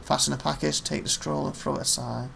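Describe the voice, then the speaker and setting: A man playing a story game, reading its text aloud plainly with quick offhand comments. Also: fairly high pitch, flat delivery, gravelly, fairly bright tone, a little hiss or hum. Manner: reads narration plainly, quick offhand asides. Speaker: let's play host.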